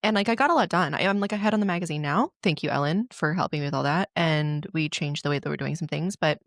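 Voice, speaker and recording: Lively, low-voiced young woman chatting. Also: fast, no room sound, studio quality. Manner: animated storyteller, swears freely. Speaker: podcast co-host. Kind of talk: casual chat.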